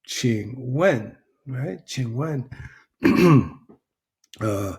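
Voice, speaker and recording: A man's voice: mid-range voice, animated, gravelly, a little mellow. A man teaching a recorded language lesson, patient and repetitive, often checking in with "right?". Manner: slow, patient, repeats phrases, checks in with "right?".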